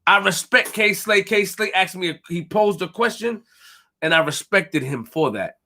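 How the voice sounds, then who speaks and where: A man's voice: sits high, lively intonation, measured pace, sharp tone. A young man hosting a live stream, ranting boastfully and emphatically, repeating his phrases and tripping over words. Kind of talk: fired-up live-stream rant.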